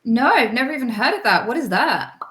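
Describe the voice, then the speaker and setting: A woman's voice: a little high, very animated, fairly quick, a bit bright. A British woman from Britain, a guest in a casual interview, cheeky and teasing, heard over a call in an echoey room.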